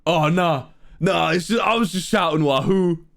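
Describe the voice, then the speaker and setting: Guy doing his drunk bandmate, breezy and carefree, a bit higher than his usual voice. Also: normal speed, creaky, fairly bright tone. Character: drunk, cheerful young male bandmate, carefree.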